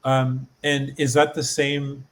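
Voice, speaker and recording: A man's voice: mid-range voice, completely flat delivery, slow. A man hosting a podcast as a learner, asking eager, curious questions and restarting his sentences as he thinks. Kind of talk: casual podcast chat.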